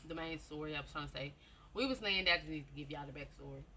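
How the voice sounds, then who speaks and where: Woman, personal testimony, casual storytelling, repeats herself, talks to listeners, bright forceful voice. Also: low-pitched, fast, slight background noise. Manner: chatty storytelling, repeats phrases, addresses listeners directly. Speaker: testimony speaker.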